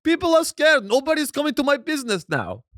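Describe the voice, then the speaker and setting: A man's voice: extremely high pitch, sing-song, brisk, fairly bright tone, no echo, studio quality, voice pushed up, exaggerated voice. A man putting on a grumbling kebab vendor. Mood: indignant. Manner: put-on foreign accent, exaggerated and indignant. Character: excitable male kebab vendor grumbling about lost sales.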